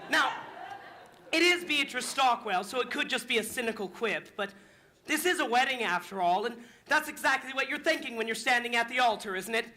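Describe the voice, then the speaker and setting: Teen guy playing a lonely show-tune fan, rambly and confiding, super bright high voice. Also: lively intonation, fairly quick, a faint crowd, heavily acted. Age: young adult. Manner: confiding, rambling, bitter asides. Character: wistful lonely male theatre fan narrating. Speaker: Man in Chair, narrator. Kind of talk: high school musical stage acting.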